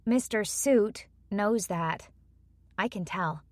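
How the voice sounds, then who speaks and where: A woman's voice: mid-range voice, slow pace, darkish tone, no room sound, natural voice. A woman voicing a bold, brash young escort who talks in a sassy, cheeky way. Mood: teasing.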